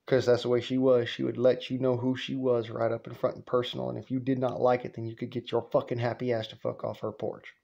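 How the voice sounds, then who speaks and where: A man's voice: mid-range voice, flat delivery, quick pace, creaky, hardly any pauses, warm tone, dull audio. A man telling a family story in a casual vlog, rambling, swearing freely and laughing often.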